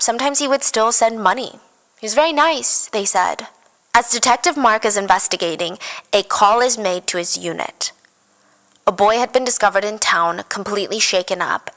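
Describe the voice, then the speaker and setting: A woman of middle pitch tells a true crime case as a podcast host. Her delivery is casual and animated, with dry, wry remarks dropped between the facts. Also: poor audio.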